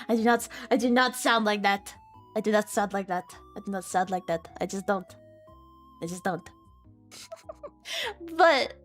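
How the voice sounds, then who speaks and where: A woman streamer chatting casually on a livestream, laughing often, swearing and mocking herself. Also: mid-range voice. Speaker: VTuber streamer.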